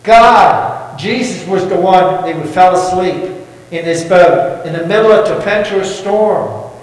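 A man's voice rings through a big church sanctuary, caught from a distance with a long, echoing tail. He is a pastor preaching in a folksy way, sitting a little high in pitch and tossing questions out to the congregation. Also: a little slow. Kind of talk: sermon. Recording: echoey church hall from far off.

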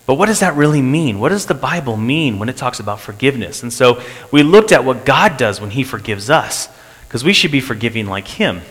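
A man's voice: mid-range voice, animated, fairly quick, fairly bright tone. A man preaching and telling of a church meeting, earnest, repeating phrases for emphasis. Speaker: pastor. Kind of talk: sermon testimony. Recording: long hall reverb.

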